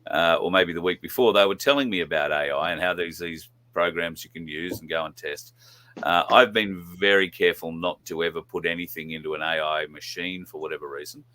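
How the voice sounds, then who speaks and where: Australian male host, laid-back and dry; deep voice with a forward, bright edge. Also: fairly quick. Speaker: podcast host. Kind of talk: casual chat.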